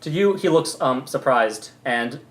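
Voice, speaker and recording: A man narrating as game master of a tabletop game, rambling with fillers and quick laughs. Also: medium pitch, lively intonation, a bit bright, rough recording.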